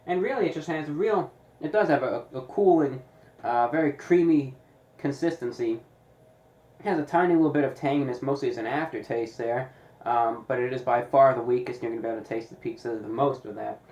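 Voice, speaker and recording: A man reviewing pizza in a deliberate, casual way, with dry sarcastic asides. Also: medium pitch, a little mellow, reverberant, rough recording. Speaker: food reviewer.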